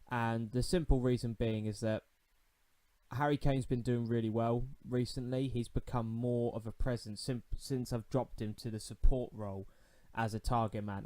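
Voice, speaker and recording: A man commentating his own football management game for his channel, talking nervously and shouting out at big moments. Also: medium pitch. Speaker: gaming YouTuber. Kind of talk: let's-play commentary.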